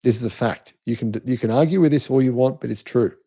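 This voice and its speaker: A middle-aged man with an Australian accent hosts a live-stream and talks through viewers' comments. His voice is dark and mellow. He presses his points insistently and keeps restarting his sentences. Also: medium pitch, fast talker. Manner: emphatic, insistent, restarts often. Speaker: channel host.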